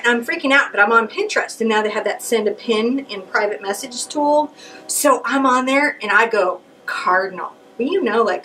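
A woman's voice: fairly high pitch, slight background noise. Chatty woman teaching painting from a distance. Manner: chatty, animated storytelling with playful asides. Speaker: painting instructor. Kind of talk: paint-along tutorial. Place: home art studio.

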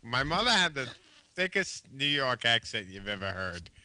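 Bright, lively man joking around. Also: mid-range voice, normal speed, no room sound. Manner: animated, joking, swears casually. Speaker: co-host. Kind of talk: casual late-night chat.

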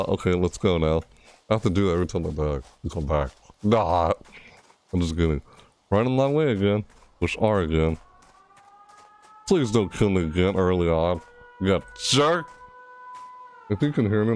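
A man with a fairly low voice talks viewers through a horror game. His delivery is bouncy and animated, swinging up sharply whenever something startles him, and he reads the on-screen prompts aloud as he goes. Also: normal speed. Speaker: gameplay streamer. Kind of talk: casual horror game commentary.

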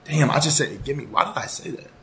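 A man streaming live, chatting casually with his viewers in a loud, profane, joking and rambling way. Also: on the high side, fast talker. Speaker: livestreamer. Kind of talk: casual livestream chat. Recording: roomy echo.

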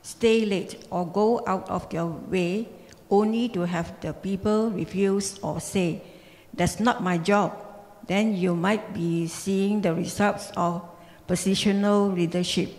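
Slow, gravelly woman reading aloud. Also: mid-range voice, fairly even intonation, a little mellow. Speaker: seminar participant reading aloud. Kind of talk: reading a book passage aloud. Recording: long church hall reverb.

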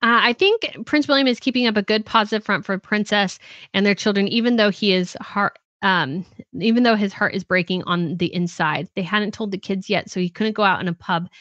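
A woman's voice: mid-range voice, brisk, fairly bright tone, no echo, dull audio. Chatty woman hosting a live stream. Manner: chatty, laughs often, reads out comments then answers. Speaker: host of a royal news channel. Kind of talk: casual live stream chat reading viewer comments.

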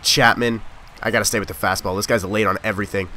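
A young man giving live commentary on his own gameplay, excitable and quick to shout or grumble at the game. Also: fairly low pitch, a little hiss or hum. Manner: excitable, yelling at the game, frustrated outbursts. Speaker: gaming YouTuber.

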